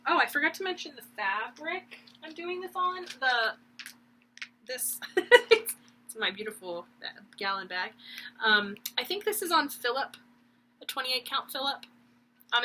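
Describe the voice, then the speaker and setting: Bright-voiced chatty young woman. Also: mid-range voice, a little hiss or hum, rough recording. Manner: chatty, rambling, giggly. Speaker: cross-stitch vlogger. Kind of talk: casual chat.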